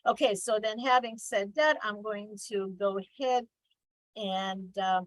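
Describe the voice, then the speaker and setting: A woman's voice: mid-range voice, a little slow, dry recording, poor audio. A middle-aged woman coach leading an online workshop, talking in a conversational, emphatic way over a video call. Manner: conversational, emphatic, reads examples with mock exaggeration. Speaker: business coach.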